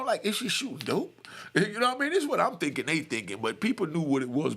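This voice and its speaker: A middle-aged man casually telling a raw, blunt personal story in street slang, jumping up high for quoted voices and asking "you know what I mean" again and again. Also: vocal fry, fairly bright tone.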